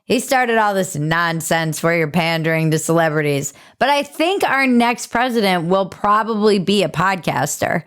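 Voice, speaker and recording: A woman's voice: on the low side, animated, normal speed, hardly any pauses, a bit bright, clean tone. A woman hosting a podcast, giving casual, opinionated commentary in an irreverent, sarcastic way and swearing casually. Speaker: podcast host.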